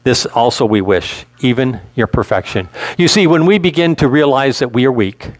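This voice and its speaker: A man's voice: mid-range voice, expressive, normal speed, no room sound. A male pastor preaching a sermon in a conversational way, asking his listeners questions.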